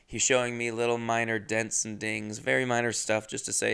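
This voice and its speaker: Brief: a podcast host telling a comic monologue, gravelly and smooth, loose and profane. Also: male voice, medium pitch, flat delivery, a little fast, few pauses, pushed and bright. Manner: rambling, profane, self-mocking.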